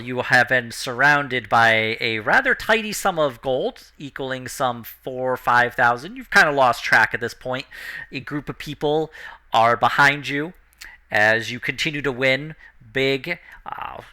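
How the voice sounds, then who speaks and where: A man narrating as game master of a tabletop game, in a relaxed, loose way with fillers. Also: medium pitch, unhurried.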